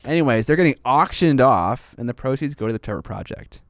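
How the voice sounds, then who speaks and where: A man's voice: medium pitch, lively intonation, a little fast, a bit bright, no room sound, clean studio sound. A man co-hosting a hobby podcast in casual chat, rambling with lots of fillers. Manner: rambling, filler-heavy, laughs easily. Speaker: podcast co-host.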